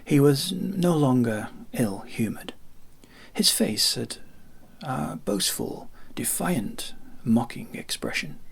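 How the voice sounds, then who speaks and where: A man reading a classic short story aloud in calm, hushed narration that often drops to a half whisper. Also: mid-range voice, takes it slowly, vocal fry, husky. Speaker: reader.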